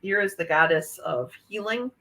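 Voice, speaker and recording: A woman's voice: mid-range voice, normal speed, a bit bright. A woman with an Upper Midwest American accent, a guest chatting casually and restarting often on a video call. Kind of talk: casual chat.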